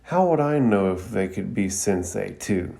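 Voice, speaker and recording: A man's voice: on the low side, expressive, a little slow, creaky, mellow. A man voicing an impatient young female ninja who gives curt, exasperated replies.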